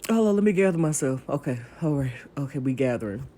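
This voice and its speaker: A young adult woman with a very deep, dark voice runs a crafting channel, chattering quickly in a casual voiceover with lively intonation. She rambles on and speaks straight to her viewers.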